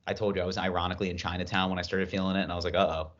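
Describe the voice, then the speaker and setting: A man's voice: deep voice, level tone, racing. A young man, co-hosting a podcast in casual chat, telling slangy stories with laughs and acted-out voices. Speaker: podcast co-host. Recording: muffled lo-fi podcast audio.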